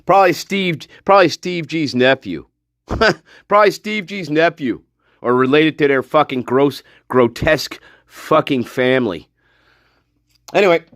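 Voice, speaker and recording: A man's voice: a little high, unhurried, a bit bright, dry recording, clean studio sound. A man hosting a livestream, reading chat and ranting with scorn and heavy swearing. He laughs often and trails off into mutters. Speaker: livestream host.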